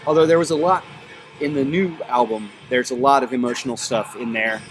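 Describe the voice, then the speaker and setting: Relaxed band member over loud music. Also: male voice, medium pitch, fairly quick, poor audio. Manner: relaxed, filler-heavy, thinking aloud. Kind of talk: casual interview chat.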